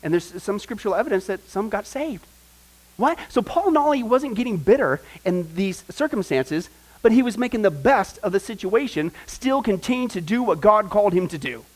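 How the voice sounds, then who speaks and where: A male Bible teacher leads a discipleship class with an animated, questioning delivery. His voice sits high for a man. He keeps throwing rhetorical questions at his listeners. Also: fairly quick, poor audio.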